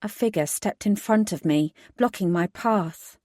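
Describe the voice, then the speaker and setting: A woman reading a first-person audiobook in a steady, measured voice. She lands the heroine's lines with clear emphasis. The sound is dry and close, with no room echo. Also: medium pitch. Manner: measured narration with emphatic dialogue. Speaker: audiobook narrator.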